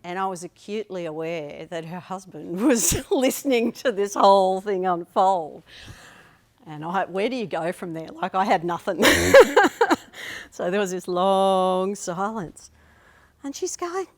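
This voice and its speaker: A woman's voice: mid-range voice, expressive, measured pace. A woman in her fifties telling a personal story at a live storytelling night, chatty and self-amused, with trailing restarts. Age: 50s.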